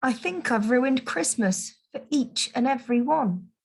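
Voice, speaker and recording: A woman's voice: sits high, expressive, unhurried, creaky, slightly rough, voice pushed up, heavily acted. A woman voicing a small, sheepish, good-hearted male skunk in a storybook reading, in an earnest, slightly rueful way.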